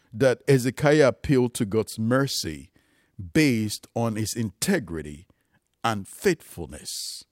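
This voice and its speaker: A man's voice: lowish voice, darkish tone, no room sound, studio quality. A man preaching a sermon, emphatic and rising and falling for emphasis, calling his listeners loved ones.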